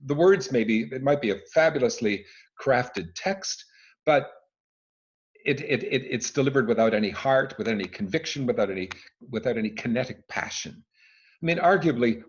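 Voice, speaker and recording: A man explains his craft with a lively, swooping voice full of emphasis and restarts. He sits at home on a video call, and the audio comes through dull and lo-fi. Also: mid-range voice. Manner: expressive, emphatic, frequent restarts. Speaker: speaking coach and former conductor. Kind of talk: expert answering interview questions. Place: his living room at home.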